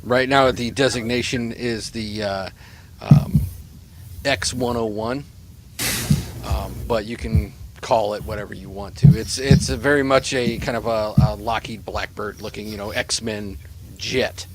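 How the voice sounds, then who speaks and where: A man's voice: lowish voice, fairly even intonation, a little slow, a little hiss or hum. A man narrating as game master in a tabletop game, rambling and hesitant with many fillers.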